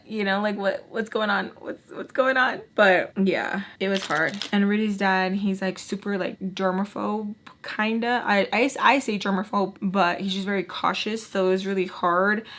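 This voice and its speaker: A young woman vlogger chatting through a casual storytime, full of "like" fillers and sudden jumps in pitch as she acts out what people said. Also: moderate pace, a bit bright. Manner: lots of "like" fillers, swears casually.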